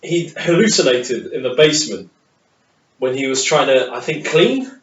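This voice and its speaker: A man's voice: medium pitch, expressive, moderate pace. A man co-hosting a casual podcast, rambling through his thoughts and breaking into laughter. His voice sits in a middle register. He sounds far from the mic in a roomy space, with a dull, muffled sound. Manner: rambling, laughs often between words. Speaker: podcast co-host. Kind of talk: casual chat.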